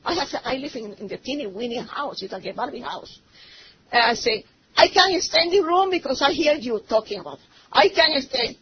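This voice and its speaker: Spanish-accented woman, middle-aged, high voice, broken english church testimony, kinda muffled recording. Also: a little fast, slightly rough. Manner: broken English, slipping into Spanish, animated storytelling. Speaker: church member giving testimony. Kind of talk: personal testimony. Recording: slightly muffled recording with faint noise.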